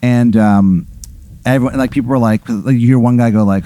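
Mellow-voiced man spinning a comic story. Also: medium pitch, fairly even intonation, moderate pace. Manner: rambling, acts out other characters' quotes. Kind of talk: improvised comedic storytelling.

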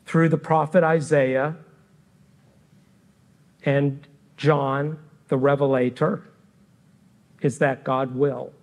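A middle-aged man preaching a sermon as pastor, speaking earnestly and deliberately with frequent pauses between phrases. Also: mid-range voice, level tone. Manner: earnest and reflective.

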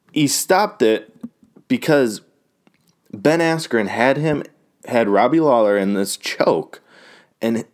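A man giving a loose, rambling and profane recap of fight results, full of fillers and restarts. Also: lowish voice. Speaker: fight fan recapping a card. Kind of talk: casual talk.

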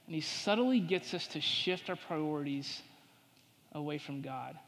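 A man preaching a sermon to his congregation. He builds to emphatic points and drops to hushed tones when voicing temptations. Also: a little high, normal speed, long reverb tail. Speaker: pastor.

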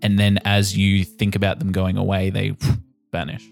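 A man running a tabletop game as game master, narrating scenes and speaking for the figures in a measured, formal way. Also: low-pitched, completely flat delivery, vocal fry, faint music behind.

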